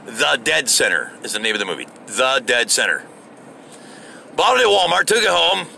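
Man, middle-aged, from the US, gravelly fry, sharp forceful tone, profane exasperated rant. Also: medium pitch, sing-song, normal speed, a little hiss or hum. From United States. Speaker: podcast host. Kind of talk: casual solo rant.

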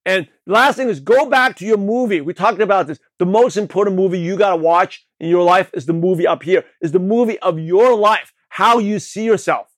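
A man from Brooklyn, New York, hosting a show and giving an energetic motivational talk on network marketing, with a slight lisp, often checking in with the listener. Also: high voice, a little fast, few pauses, dry recording. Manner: energetic, repetitive, asks the listener questions. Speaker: podcast host, network marketing coach.

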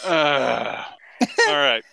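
A woman's voice: rumbling low, very slow, creaky, bright, forceful tone, no room sound. A woman host in a casual interview, laughing often and asking quirky questions.

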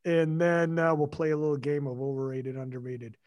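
A man hosting a casual podcast, animated and joking, swearing freely. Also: a little high, a little fast, no room sound. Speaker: podcast host.

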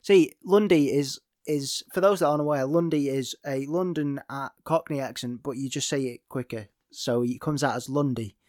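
A man's voice: medium pitch, moderate pace, few pauses, a little mellow, dry recording, clean studio sound. A man giving a casual film review in a rambling, hesitant way, full of ums, trailing asides and self-corrections.

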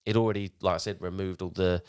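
Man, very deep voice, casual storyteller, rambling, frequent restarts, podcast host. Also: little pitch movement, quick pace, darkish tone, smooth. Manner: rambling, with frequent restarts while retelling a tale.

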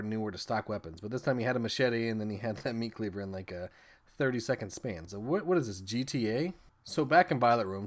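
Fast-talking casual man recapping films. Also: lowish voice. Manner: rambling, profane, laughs while retelling scenes. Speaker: podcast host reviewing films.

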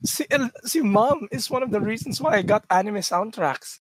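A man's voice: high-pitched, expressive, normal speed. A man co-hosting a podcast, telling family stories in casual chat and laughing often. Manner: laughing storyteller, switches between English and Tagalog. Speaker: podcast co-host.

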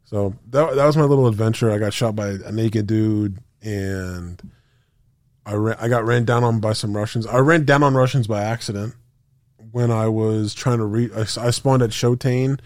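A man's voice: on the low side, moderate pace, no room sound. Male podcast co-host, casual storyteller, swears freely, acts out voices and gunfire, dry close mic. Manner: animated, profane, acts out quotes with sound effects.

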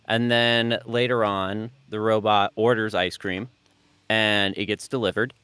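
A man's voice: fairly low pitch, moderate pace, sharp tone, clean tone, no room sound. A man co-hosting a casual podcast chat, joking and telling stories with animation. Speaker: podcast co-host.

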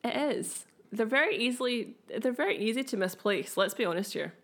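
A woman's voice: a little high, expressive, brisk. Teasing, laughing woman podcast co-host. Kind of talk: casual chat.

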